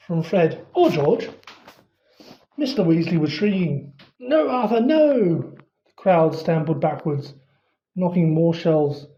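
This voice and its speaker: A mellow-voiced reader narrates a fantasy story, shifting pitch to play each character. The sound is dull and lo-fi, like a home recording. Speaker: audiobook reader.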